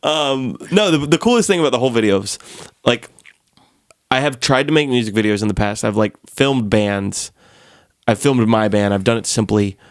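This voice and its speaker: A man's voice: medium pitch, normal speed, no room sound. A man hosting a casual studio chat, talking loosely with many fillers and frequent laughs. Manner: chatty, laughs often, lots of "like" fillers. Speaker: podcast host, musician.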